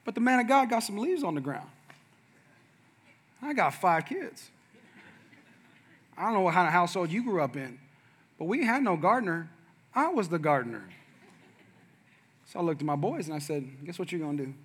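A man's voice: high voice, very animated, normal speed, pauses often, slightly rough. A middle-aged male pastor telling a funny family story in a playful, conversational sermon, calling out to the congregation.

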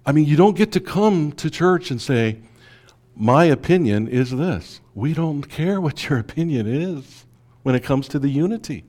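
A male pastor preaching a sermon, asking the congregation rhetorical questions and swinging between hushed asides and emphatic lines. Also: a little high, lively intonation, moderate pace.

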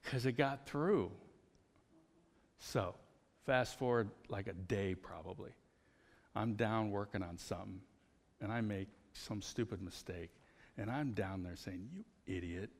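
A man preaching a conversational sermon as pastor, telling personal stories in an animated way. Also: lowish voice, unhurried, long pauses, big-room sound.

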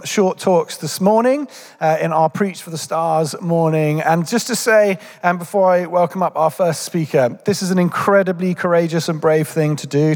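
A man's voice: a little high, big-room sound. A man leading a church service, introducing speakers in a chatty, joking way with frequent self-corrections. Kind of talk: casual sermon introduction. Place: church hall.

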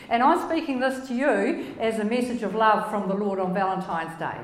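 A woman's voice: medium pitch, normal speed, hardly any pauses. A woman with a crackly voice giving a conversational Bible teaching, emphatic and full of rhetorical questions. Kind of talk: conversational sermon. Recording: roomy echo.

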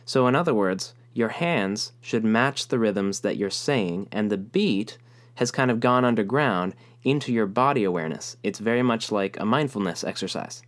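A young man teaching a rhythm lesson, explaining calmly and speaking rhythm syllables aloud. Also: on the low side, moderate pace. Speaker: music teacher.

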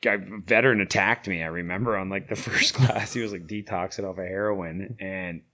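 A man's voice: low voice, steady tone, fairly quick, sharp tone. A middle-aged man telling stories in a casual interview, rambling with many fillers. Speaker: guest, founder of a veteran horse program.

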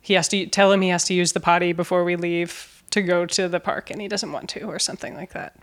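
A middle-aged woman, a pediatric neurologist hosting an interview, who talks thoughtfully and asks questions in full, measured sentences. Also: fairly low pitch, steady tone. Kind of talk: conversational interview.

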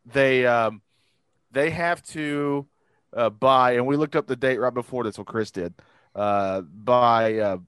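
A man's voice: medium pitch, takes it slowly, fairly bright tone, clear, resonant tone, dry recording. A man hosting a casual podcast chat who rambles, with many fillers and restarts. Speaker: podcast host.

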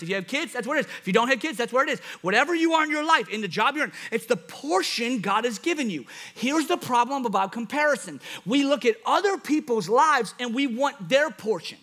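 A man preaching a sermon, animated, acting out quoted thoughts and laughing at himself. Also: sits high. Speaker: pastor.

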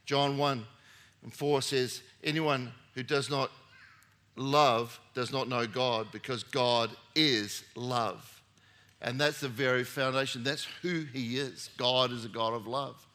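Middle-aged male pastor, bright forceful tone, chatty storytelling sermon with emphatic bursts. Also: medium pitch, steady tone, slow pace. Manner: conversational storytelling with rising emphatic peaks.

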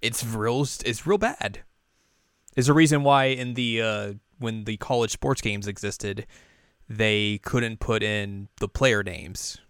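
A young man co-hosting a casual podcast, recapping an anime in a rambling, animated way and now and then jumping into high character voices. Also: a little slow, clean tone, no room sound, studio quality. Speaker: podcast co-host.

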